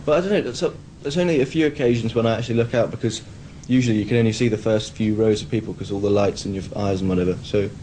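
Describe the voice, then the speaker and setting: Low-voiced, mellow young British man. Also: very fast, hardly any pauses, slight background noise, rough recording. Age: 20s. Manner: relaxed, candid and wry. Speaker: band member. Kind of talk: casual interview chat.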